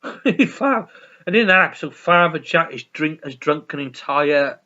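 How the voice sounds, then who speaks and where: Rambling about a sitcom in a casual vlog, a man keeps restarting and laughing along. His voice is fairly high, bright and pushed, with lively intonation at a slightly slow pace, and the lo-fi recording sounds dull.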